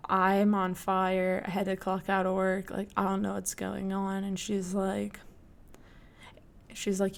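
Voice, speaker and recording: Young woman vlogger from New Orleans, chatty and slangy, acts out bits of dialogue. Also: medium pitch. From New Orleans, United States. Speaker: vlog host. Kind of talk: casual storytelling.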